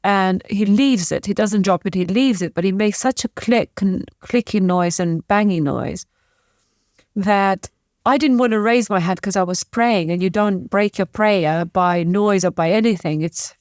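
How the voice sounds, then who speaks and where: A woman's voice: mid-range voice, a little mellow, no echo. Tearful woman with a dry close sound. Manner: halting, emotional retelling with many restarts. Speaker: podcast guest. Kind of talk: emotional interview storytelling.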